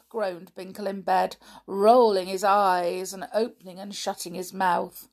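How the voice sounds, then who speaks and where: Slow, expressive woman reading a bedtime story. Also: mid-range voice.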